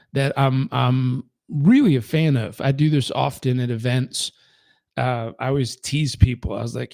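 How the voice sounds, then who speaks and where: A man's voice: mid-range voice, a little mellow, dry recording, clean studio sound. A man giving a motivational talk as a performance coach, emphatic and full of rhetorical questions.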